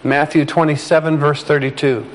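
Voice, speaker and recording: Slow, deliberate male preacher. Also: on the high side, level tone, a little hiss or hum, low-quality recording. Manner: slow, deliberate reading with emphatic pauses; phlegmatic, conversational asides. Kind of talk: sermon with scripture reading.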